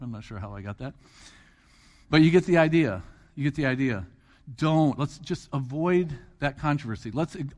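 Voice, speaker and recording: A middle-aged man preaches a guest sermon in a church, his voice sitting a little high for a man. He keeps it conversational, checks in with the congregation and repeats his points for emphasis. The long reverb of a large hall trails after his words.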